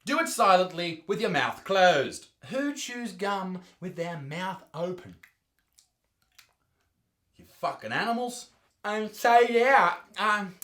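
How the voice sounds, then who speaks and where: A young Australian man doing loud, profane comedic commentary, mocking and ranting as the host. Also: high voice, reverberant. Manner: loud, sweary, mocking rants.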